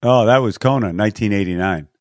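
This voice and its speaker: A man's voice: on the low side, quick pace, no echo. An older man from San Diego recounts his years as a race announcer, his voice jumping up whenever he acts out what people said. The sound is dry and close. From San Diego, California. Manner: animated, acts out quotes with lifted voice. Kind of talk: storytelling interview answers.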